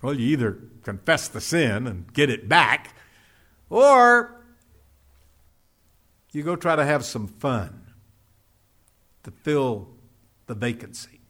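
A man's voice: mid-range voice, sing-song, slow pace, long pauses, bright, forceful tone. A man preaching a sermon, explaining scripture verse by verse with emphatic repetition and dramatic drops in volume. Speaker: pastor.

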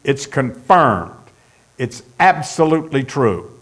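A man's voice: medium pitch, very animated, takes it slowly, a bit bright, husky. A man preaching a sermon, emphatic and repetitive, speeding up as he lists points. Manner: emphatic, repeats points for stress, speeds up when listing. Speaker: pastor.

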